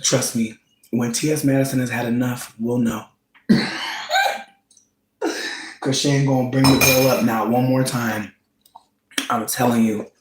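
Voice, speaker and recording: A man chatting casually, gossiping about reality TV in a slangy, campy style. His voice swings into high squeals when he quotes reactions. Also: fairly even intonation, a little slow, pauses often, roomy sound, noisy background. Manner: slangy, campy storytelling with frequent "bitch" and "like". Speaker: vlogger.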